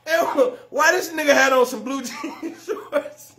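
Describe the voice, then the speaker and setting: A man doing stand-up comedy, telling a story loudly and with lots of slang and swearing, often laughing at his own jokes. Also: very high voice, slow. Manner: profane and slangy.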